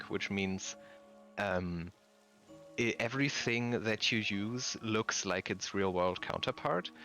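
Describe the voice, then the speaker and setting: Man, streamer, bright voice, lowish pitch, joking casual chat, soft music behind. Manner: jokey, swearing, jumps into silly put-on accents.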